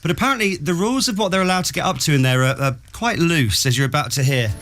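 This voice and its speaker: A man's voice: a little high, animated, quick pace. A man hosting a radio comedy game, teasing and upbeat in studio banter. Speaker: radio show host. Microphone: studio mic.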